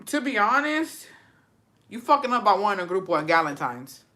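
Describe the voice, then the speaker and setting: A woman livestreaming casual chat, animated and profane, switching freely between English and Spanish. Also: medium pitch, normal speed. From Texas. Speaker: livestream host. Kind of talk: casual chat reacting to viewer stories.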